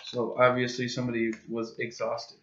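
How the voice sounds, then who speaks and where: A man's voice: medium pitch, monotone, moderate pace, background noise. A young man, a podcast guest who jokes and trades puns in casual chat. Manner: joking, pun-loving, giggly. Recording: echoey room, dull lo-fi audio.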